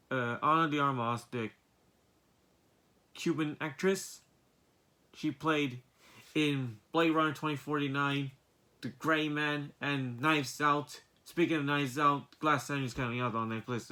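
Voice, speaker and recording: A man's voice: medium pitch, sharp tone. A young man giving a casual movie review vlog, rambling, repeating himself, and piling up exasperated rhetorical questions.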